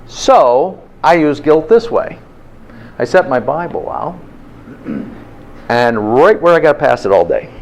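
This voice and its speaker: A man with a slightly high voice hosts a motivational health talk, telling lively stories and peppering his listeners with rhetorical questions. The recording is rough.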